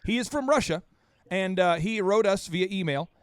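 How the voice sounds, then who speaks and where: A man hosting a business podcast, talking in an animated, blunt and teasing way. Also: high voice, moderate pace, clear, resonant tone, no echo. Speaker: podcast host. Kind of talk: lively podcast chat.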